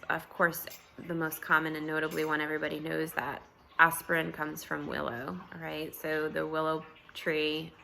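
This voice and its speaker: A woman vlogger with a scratchy, just-woken voice, chatting casually at home, relaxed and rambling with fillers and soft laughs. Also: low voice, gravelly. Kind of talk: casual morning chat to camera.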